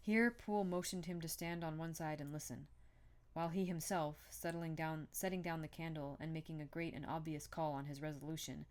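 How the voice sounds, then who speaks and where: A woman's voice: low-pitched, steady tone, brisk, a little mellow. A woman reading a classic novel aloud in a plain amateur style, now and then restarting a word. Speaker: audiobook reader.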